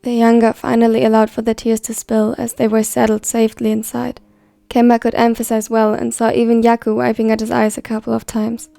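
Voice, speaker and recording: A woman reading a story aloud in a steady, even scripted narration. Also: fairly high pitch, fairly quick, vocal fry, dry recording, soft background music. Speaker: fan fiction reader.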